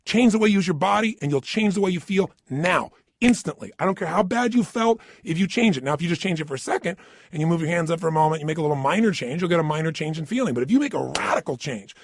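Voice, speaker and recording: A middle-aged man giving an energetic motivational talk into a studio microphone, emphatic and questioning the listener directly. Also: on the high side, fast talker, vocal fry, dry recording. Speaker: motivational speaker.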